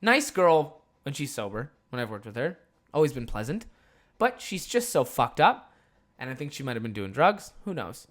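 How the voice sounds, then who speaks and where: This young podcast host has a mid-range voice with a fairly bright tone, talking at normal speed and very animatedly. His story wanders and is laced with swearing and lots of filler words, all delivered in a relaxed, casual way.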